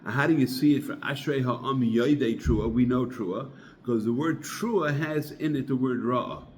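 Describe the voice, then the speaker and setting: Informal Torah teacher, male, mid-pitched, chatty storyteller, faint background hiss. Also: normal speed, a little mellow. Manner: conversational storyteller, sprinkles religious terms. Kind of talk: informal Torah talk with parable.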